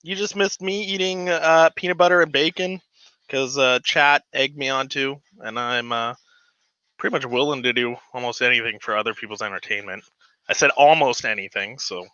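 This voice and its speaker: A man hosting a casual home livestream, chatting and rambling with lots of fillers, excited and a bit giddy. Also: mid-range voice, normal speed, smooth, dry recording, highs cut off. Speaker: livestream host. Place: home model railroad room.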